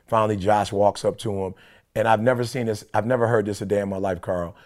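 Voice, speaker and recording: A man with a lowish voice tells a story on a podcast call, lively and quick to act out what others said. His voice sits below the usual for men, and the talk stays loose and conversational. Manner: animated, quoting people in dialogue. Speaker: podcast co-host. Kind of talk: casual storytelling. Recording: conference call.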